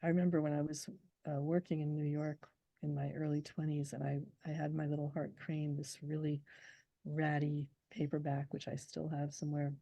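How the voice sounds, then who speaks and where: Low gravelly woman poet. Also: level tone, mellow, no echo, rough recording. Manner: reflective, recites verse slowly and deliberately. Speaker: poet, interview guest. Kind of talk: conversational interview with poetry recitation.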